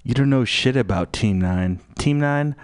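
A man hosting a live community radio show, rambling slowly and swearing freely between music. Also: mid-range voice, smooth. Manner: profane, slow and meandering. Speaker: radio host.

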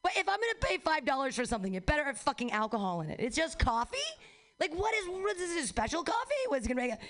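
A young woman works through a stand-up set in a rambling, profane way, tossing off quick self-mocking asides. Her voice sits a little high for a woman. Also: very animated, a bit bright. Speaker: stand-up comedian.

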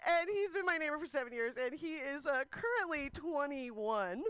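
A high, bright woman in her thirties tells a stand-up story. She rambles candidly and keeps breaking into laughter between lines. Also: animated, moderate pace. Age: 30s. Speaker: stand-up comedian. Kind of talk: stand-up comedy set.

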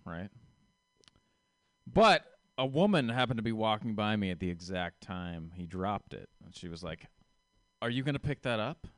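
A man's voice: on the low side, fairly bright tone, smooth, no echo. A man telling wry stand-up stories in a dry, conversational way. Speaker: stand-up comedian. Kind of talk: stand-up storytelling.

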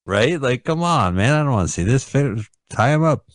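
A man's voice: medium pitch, expressive, normal speed, dry recording. A man co-hosting a casual radio podcast, cracking jokes and making sarcastic remarks about a movie. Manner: joking, sarcastic, riffs on the film. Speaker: podcast co-host. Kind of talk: casual comedic film-review chat.

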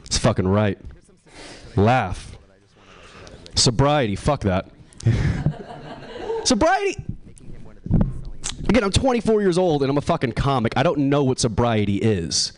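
A young man in his twenties works through a stand-up set at an open mic in a voice of medium pitch. He swears freely, mocks his own jokes and drifts into rambling asides. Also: animated, slow pace, pauses often. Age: 20s. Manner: profane, self-deprecating, rambling asides. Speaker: stand-up comedian. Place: open mic comedy show.

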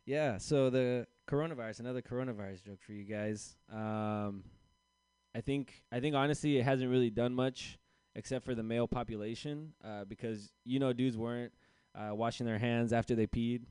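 A man's voice: medium pitch, moderate pace, a little mellow, clean tone, dry recording. A young man doing a stand-up set, telling a self-deprecating story loosely and putting on voices for the people in it. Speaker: stand-up comedian. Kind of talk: stand-up set at an open mic.

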